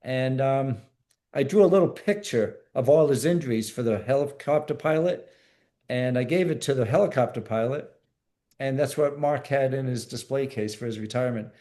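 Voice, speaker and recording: Male guest, ex-military medic, warm mellow tone, plain-spoken storyteller who repeats himself. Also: mid-range voice, normal speed. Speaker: podcast guest, former Navy SEAL medic. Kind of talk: storytelling interview.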